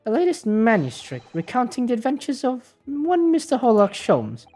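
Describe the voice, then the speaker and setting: A woman's voice: fairly high pitch, huge pitch swings, normal speed, dark tone, voice pushed up. A woman voicing a formal Victorian male pawnbroker in a game, stiff and haggling.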